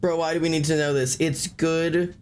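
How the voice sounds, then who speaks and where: A man's voice: on the high side, level tone, quick pace, a little mellow, a little hiss or hum. A man hosting a livestream, chatting loosely with friends and slipping into a mock teacher voice to explain things. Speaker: streamer host. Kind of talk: casual group chat on a livestream.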